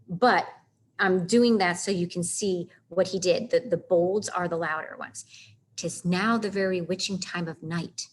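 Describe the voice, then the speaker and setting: A woman teaching a casual literature lesson, chatty and animated, stopping to read lines of verse aloud with heavy stresses. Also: medium pitch, moderate pace, slight background noise. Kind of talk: casual classroom lecture on literature.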